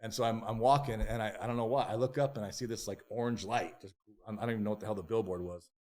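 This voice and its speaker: A man's voice: fairly low pitch, steady tone, fast, a little mellow. A man who is a podcast guest, telling a candid personal story in a raw, profane, emotional way. He stumbles through restarts and repeated words, and voices his own past inner thoughts as quoted self-talk.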